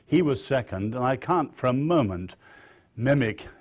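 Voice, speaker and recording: A man with an English accent delivers a public lecture at a middling pitch. He speaks in a measured way with dry wit and lands firm emphasis on his key phrases. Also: animated, slightly rough. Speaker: guest lecturer.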